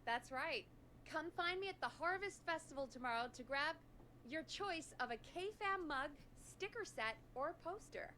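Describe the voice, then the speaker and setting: An actress playing a quick-thinking female radio producer in a video game, lively and upbeat. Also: high-pitched, slight background noise, exaggerated voice.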